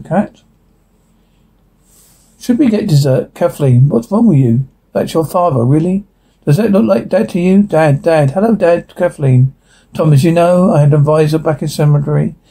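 A man reading a drama script aloud, voicing every part and reading out the sound cues in a plain, flat way. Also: fairly high pitch, vocal fry, slightly rough. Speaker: reader of a drama transcript.

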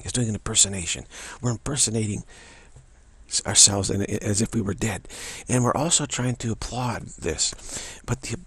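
A man giving a reflective spiritual monologue as a teacher, speaking haltingly and often repeating words and restarting. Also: medium pitch, gravelly, slightly rough.

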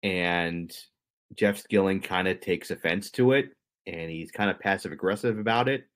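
A man's voice: deep voice, normal speed, fairly bright tone. A man co-hosting a podcast, casually telling a history story with jokes and asides to his co-host. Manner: conversational, jokey, explains history to co-host.

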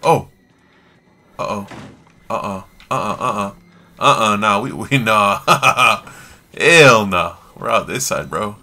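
A man doing let's play commentary on a horror game, swearing constantly in slang and yelling when he panics. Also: on the low side, lively intonation, slow pace, pauses often. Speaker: gamer playing a horror game.

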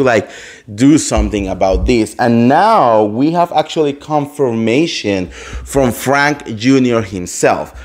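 Guy dishing gossip, animated, keeps acting out quotes, calls everyone girl. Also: mid-range voice. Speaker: host. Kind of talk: casual gossip chat.

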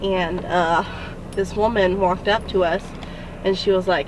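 A young woman from the South with a Southern US accent, chatting to camera in a casual daily vlog and telling stories in an animated way. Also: fairly low pitch, measured pace, background noise. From Southern United States. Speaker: vlogger.

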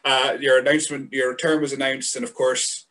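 Brief: host from Scotland, casual rambling interviewer, average pitch. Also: male voice, level tone, fairly quick, pushed and bright. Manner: rambling questions with restarts. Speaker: podcast host.

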